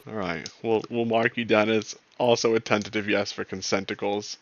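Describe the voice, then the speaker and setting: Game master, male, gravelly low voice, joking and laid-back, lo-fi voice chat sound. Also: level tone, moderate pace. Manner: joking, laughs often, swears casually. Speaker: dungeon master. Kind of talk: casual tabletop game chat.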